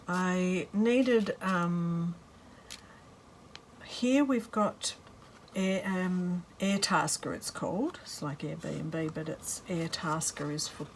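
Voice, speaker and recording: A woman's voice: on the low side, background noise. A woman chatting casually as she works on a craft journal, rambling and breaking off with fillers. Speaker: craft vlogger. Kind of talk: casual chat while crafting.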